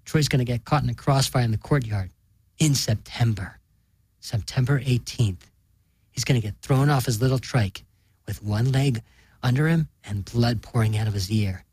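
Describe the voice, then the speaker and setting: A man reading an audiobook, voicing a foul-mouthed, furious undead old aunt who shouts, threatens and brags in a coarse way. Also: medium pitch, moderate pace, breathy edge, no room sound, close to an everyday voice, low-quality recording. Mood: menacing.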